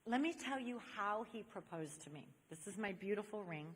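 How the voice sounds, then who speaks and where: A woman's voice: mid-range voice, lively intonation, moderate pace, husky. A woman from Saint Louis giving an inspirational talk to a live audience. She tells stories animatedly and speaks straight to the crowd. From Saint Louis, USA. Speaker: speaker on chastity. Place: large convention hall. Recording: echoey hall reverb.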